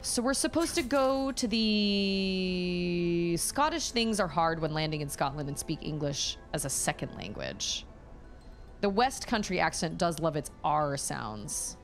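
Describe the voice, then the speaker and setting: A young woman streaming a video game, chatting casually and thinking out loud as she plays. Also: lowish voice, lively intonation, a little slow, soft background music. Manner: chatty, musing aloud, reading chat. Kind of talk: casual gameplay commentary.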